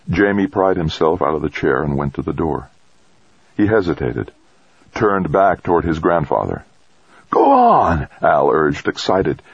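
A man narrating an audiobook in a measured, solemn storytelling manner. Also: a bass voice, breathy edge, no echo. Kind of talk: scripted narration. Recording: dull lo-fi dry recording.

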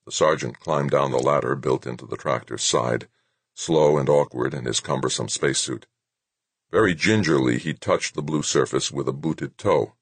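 Very deep husky male narrator. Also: no room sound. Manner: steady, measured reading. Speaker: audiobook narrator. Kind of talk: scripted narration.

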